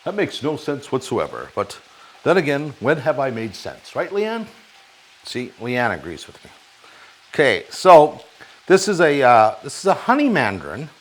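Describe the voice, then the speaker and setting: A man's voice: medium pitch, huge pitch swings, a little slow. A man hosting a casual home cooking show from his kitchen, rambling and cracking jokey asides to the viewers as he cooks. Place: kitchen at a stove.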